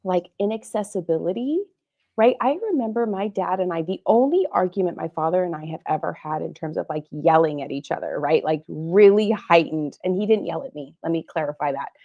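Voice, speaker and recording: A woman's voice: on the low side, fairly quick, phone-quality sound. Earnest, heartfelt woman guest. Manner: earnest, emotional, reflective. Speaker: guest psychotherapist. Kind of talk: candid interview talk.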